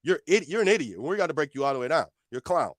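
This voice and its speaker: A man's voice: fairly high pitch, big pitch swings, very fast, dry recording, studio quality. A man giving heated reaction commentary, confrontational and repeating his points as he talks back at a clip.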